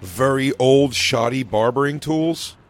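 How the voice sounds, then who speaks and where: A man's voice: mid-range voice, measured pace. A man co-hosting a podcast who teases his partner with crude jokes in casual banter. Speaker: podcast co-host.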